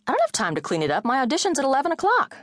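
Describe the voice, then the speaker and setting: A woman voicing an impatient, self-centered young woman in her twenties for an audiobook, talking sharp and fast. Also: high-pitched, huge pitch swings, no room sound, clean studio sound, pitched above the performer's own voice, full character voice. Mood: exasperated. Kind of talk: audiobook character voice.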